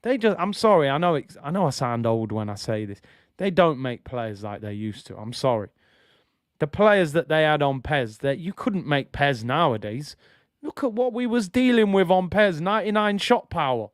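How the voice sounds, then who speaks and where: A young man chatting through a live football watch-along, excitable and nostalgic, full of slangy banter. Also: on the high side, normal speed, no room sound, studio quality.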